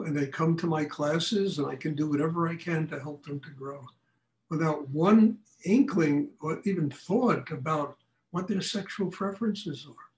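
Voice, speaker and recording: After a class, an older male meditation teacher gives a lecture and takes questions, telling stories in a frank, animated way. His voice is on the high side, and the audio is poor and reverberant.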